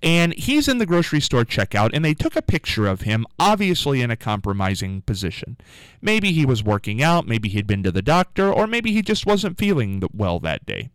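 A man hosting a radio show, telling a rambling story with animated asides in a casual on-air monologue. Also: mid-range voice, a little fast, smooth, no room sound, rough recording.

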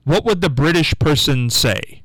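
Slow, drawn-out male radio quiz host. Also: on the high side, lively intonation, a bit bright, dry recording, poor audio. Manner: drawn-out, repetitive coaxing, reads phone number slowly. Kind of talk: call-in radio game show. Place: radio studio.

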